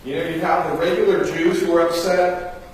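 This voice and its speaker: Preaching in a church sanctuary, a man with a voice on the high side tells stories at a moderate pace and performs the voices of their characters. The recording is far away and very echoey, with slight background noise.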